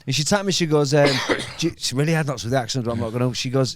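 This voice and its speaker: Fast-talking man, stumbling anecdote. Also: mid-range voice, dry recording, clean studio sound. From England. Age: 50s. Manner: rambling anecdote with many restarts and repeated phrases. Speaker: podcast host. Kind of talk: casual storytelling chat.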